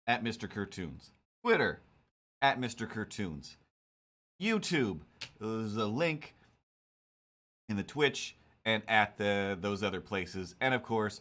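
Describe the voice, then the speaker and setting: A man's voice: lowish voice, a bit bright. A man streaming while he draws, chatting casually in a rambling, self-mocking, jokey way. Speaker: cartoonist streamer.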